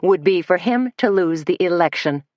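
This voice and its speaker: A woman's voice: on the low side, expressive, moderate pace, darkish tone, no room sound, lo-fi sound, close to an everyday voice. A woman narrator voicing a feisty, blunt middle-aged woman with wry humor. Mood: firm.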